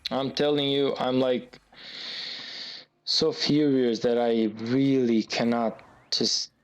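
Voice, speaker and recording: A man's voice: mid-range voice, flat delivery, takes it slowly, clean tone. A man giving gameplay commentary, venting in an agitated, repetitive way as a gaming YouTuber.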